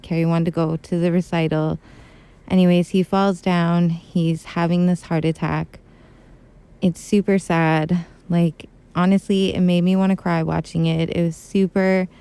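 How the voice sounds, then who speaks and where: A woman's voice: lowish voice, warm tone, clean tone. A young woman, a YouTuber, chatting casually and emotionally through a recap of a TV episode, saying "like" and "super" a lot. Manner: gushing and emotional, heavy use of "like" and "super".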